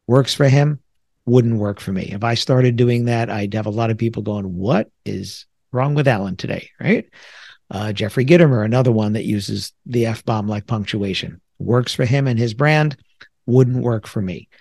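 A man's voice: mid-range voice, moderate pace, darkish tone, dry recording, clean studio sound. A middle-aged man from the New York area hosting a solo podcast, talking things through in a reflective, conversational way with self-deprecating asides. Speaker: podcast host.

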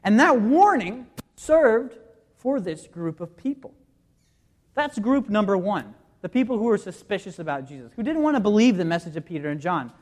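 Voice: mid-range voice, very animated, normal speed. A preacher giving a sermon, walking listeners through scripture passages and posing rhetorical questions to the congregation.

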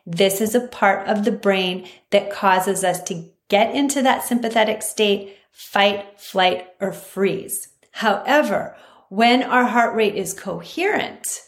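A woman's voice: mid-range voice, slow. A woman naturopathic doctor hosting a health podcast, talking earnestly and emphatically and repeating her key points. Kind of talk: scripted health talk. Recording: roomy echo.

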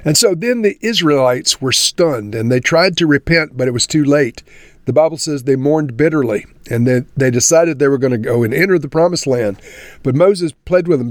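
A man's voice: a little high, lively intonation, normal speed, no echo. A man giving an earnest devotional Bible teaching, speaking to his listeners as friends and closing in prayer.

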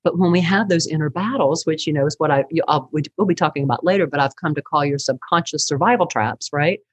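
A middle-aged woman, a counselor and teacher, telling her story in an animated, chatty way during a podcast interview, laughing often. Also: deep voice, fast talker, husky, no room sound, rough recording.

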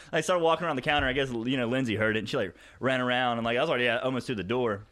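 Dude rattling off a cussing story real fast, keeps cracking himself up. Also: male voice, mid-range voice, a bit bright. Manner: profane, rambling storyteller who laughs often. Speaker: podcast co-host telling stories. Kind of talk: casual chat.

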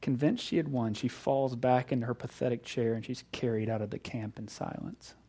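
A middle-aged man preaching a sermon, animated, acting out voices and swinging between loud emphasis and hushed moments. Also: medium pitch, brisk, husky. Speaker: pastor.

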